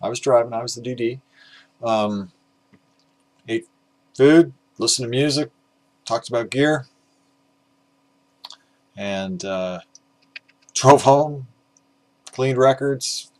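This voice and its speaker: Having been up all night, an exhausted middle-aged record collecting host talks through his stack at five in the morning in loose, casual vinyl chat. His ordinary mid-pitched voice has a darkish tone, and he goes slowly, pausing often, trailing into frequent "uh"s and muttered jokes at his own expense.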